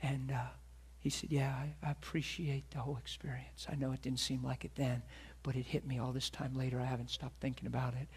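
A man's voice: mid-range voice, little pitch movement, brisk, few pauses, darkish tone, husky. A middle-aged man preaching a sermon as a pastor, telling a personal story earnestly and acting out the voices of the people in it.

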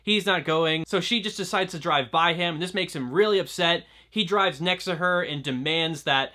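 Talking through a movie review, a young man stays casual and rambling, leaning on "like" and often restarting his sentences. He speaks at a moderate pace in a higher voice that sounds pushed and bright.

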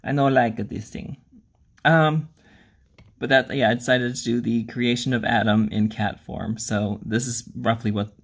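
A man's voice: medium pitch, creaky. A man hosting a miniature-painting channel, talking casually in a rambling, self-deprecating way, with plenty of ums and uhs. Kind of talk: casual hobby vlog.

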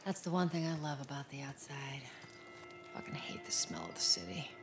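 A woman's voice: extremely low pitch, very animated, moderate pace, over music. An actress playing a tough, weary woman smuggler in a video game, blunt and dry.

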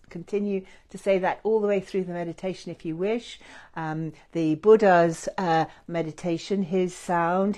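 Slow-speaking woman guiding a meditation. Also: lowish voice. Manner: gentle, effusive, many fillers. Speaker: meditation guide. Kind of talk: guided meditation with chanting.

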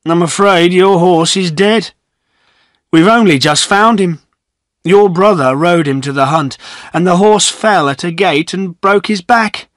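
A man's voice: sits high, unhurried, a bit bright, no room sound, studio quality, pitched above the performer's own voice. A man voicing a plain-spoken country neighbour in an audiobook, matter-of-fact as he delivers bad news. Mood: grave. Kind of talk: graded-reader audiobook reading.

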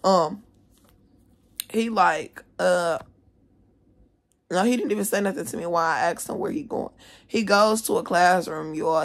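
A teenage girl telling a story from school in a casual vlog from her bedroom, animated, indignant and swearing freely. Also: on the low side, creaky. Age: teens. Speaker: vlogger, student. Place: at home, bedroom.

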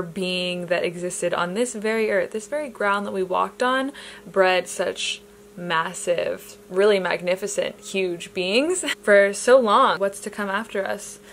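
A young woman talks to her camera in a loose, casual vlog style, gushing about what she loves in a mid-pitched voice. She slips easily into softer, reflective musing. A faint hum sits under her voice. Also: creaky, poor audio. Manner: bubbly, gushing, drifts into soft reflective talk. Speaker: vlogger.

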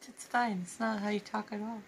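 A woman's voice: mid-range voice, flat delivery, brisk, vocal fry, husky, low-quality recording. A woman chatting casually, giving short, dry, teasing replies. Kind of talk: casual chat.

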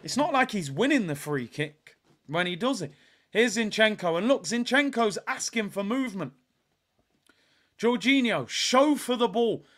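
Young man, watch-along host, high-pitched, loud frustrated reactions. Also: moderate pace. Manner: animated, frustrated, shouts at players. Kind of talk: live match watch-along commentary.

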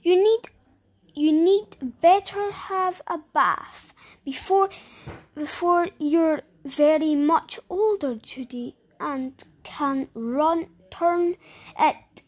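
A woman voicing a brisk, fussy older housekeeper in a storybook reading, bossy and emphatic. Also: high voice.

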